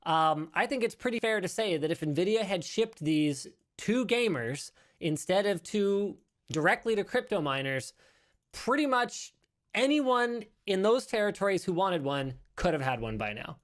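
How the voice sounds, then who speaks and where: Guy hosting a tech podcast, rambly and animated, keeps fixing what he just said. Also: high-pitched, moderate pace. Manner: animated, rambling, self-correcting. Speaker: podcast host. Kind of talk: casual tech news chat. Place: studio.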